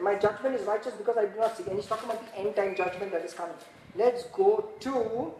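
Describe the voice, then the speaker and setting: Woman preacher in an echoey room. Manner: animated, rising to emphatic peaks, then dropping very low and quiet; repeats and restarts phrases, rhetorical questions. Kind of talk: sermon teaching from scripture. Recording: echoey room with faint background noise.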